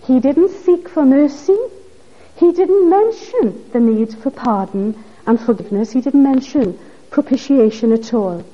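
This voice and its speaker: Earnest woman preaching, high and husky. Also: warm tone. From Wales. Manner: earnest, pleading rhetorical questions. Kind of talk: sermon. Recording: dull lo-fi recording.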